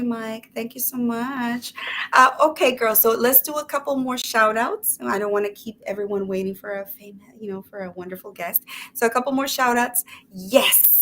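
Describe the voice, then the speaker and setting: A woman's voice: mid-range voice, a bit bright, slight background noise. A woman hosting a casual online talk show, bubbly and effusive, full of fillers. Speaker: show host. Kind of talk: casual chat.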